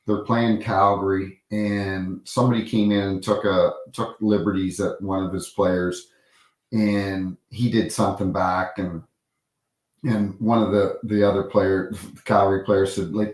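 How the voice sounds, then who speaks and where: A man's voice: sits low, flat delivery, unhurried, reverberant, low-quality recording. A man, a former referee, telling rambling anecdotes with many restarts and acted-out quotes in a casual interview.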